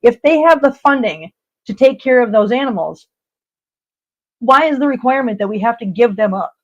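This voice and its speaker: A woman's voice: on the high side, lively intonation, moderate pace, lo-fi sound. Blunt emphatic woman hosting a live chat. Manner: emphatic, repeats herself, blunt and emotional. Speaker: live stream host. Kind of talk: casual live chat reading viewer comments.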